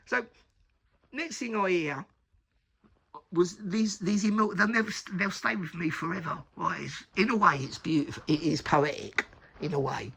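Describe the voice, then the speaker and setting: A man's voice: sits high, moderate pace, gravelly, pushed and bright, breathy edge. A man casually telling a true story from his past in a rambling, sweary way, with laughing asides. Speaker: recovery storyteller.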